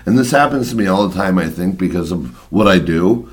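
A young man with a very low voice that still swings widely up and down. He rants bluntly and swears freely in casual podcast chat, sounding fed up with everyday annoyances. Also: expressive, fairly quick. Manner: blunt, profane ranting. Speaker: podcast co-host.

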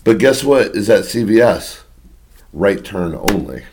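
A man's voice: fairly low pitch, animated, measured pace, a little mellow, husky. A man casually telling a story to friends, acting out quotes and swearing freely.

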